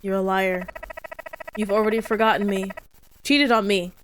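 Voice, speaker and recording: A woman's voice: mid-range voice, steady tone, normal speed, slight background noise, natural voice, poor audio. A woman voicing a jealous male ghost lover who accuses his partner of moving on, in a reproachful, wounded way. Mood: accusing, hurt.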